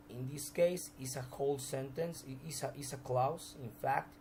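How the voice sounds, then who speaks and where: A man's voice: medium pitch, measured pace, hardly any pauses, a little mellow, a little hiss or hum, poor audio. A man teaching a recorded grammar lesson, explaining examples step by step with frequent restarts.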